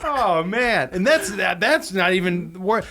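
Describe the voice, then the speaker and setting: Middle-aged male co-host, fairly high voice, lively storyteller, casual. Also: measured pace, a little hiss or hum. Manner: animated storyteller, acts out quoted voices. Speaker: podcast co-host. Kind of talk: casual chat.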